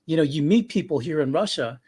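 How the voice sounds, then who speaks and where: A man's voice: on the high side, expressive, quick pace, a little mellow, breathy edge. A male livestream host who reads out viewer comments and chats with his guests in a friendly, conversational way.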